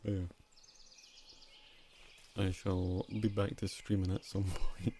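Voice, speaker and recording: A man's voice: low-pitched, flat delivery, slow pace, mellow, slight background noise. A tired male streamer signing off casually, rambling in a sleepy, mumbled way.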